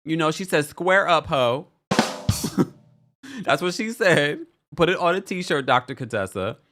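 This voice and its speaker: A man hosting a casual livestream recap, talking in an animated, opinionated and chatty way while reading comments from the chat. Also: a little high, unhurried, over music. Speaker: recap show host.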